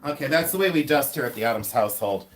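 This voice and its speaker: A man's voice: medium pitch, animated, fast talker, a little hiss or hum. Chatty man hosting a livestream. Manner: chatty and scattered, apologetic, many fillers. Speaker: livestream host, reseller. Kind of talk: casual livestream chat. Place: home, often moving around the house.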